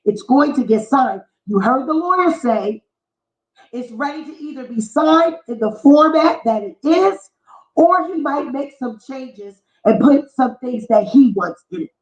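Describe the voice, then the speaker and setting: Woman ranting and cussing on her vlog, high voice, dull muffled sound. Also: animated, unhurried. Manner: profane, heated, mocking rant. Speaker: vlogger. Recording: echoey, dull lo-fi room sound.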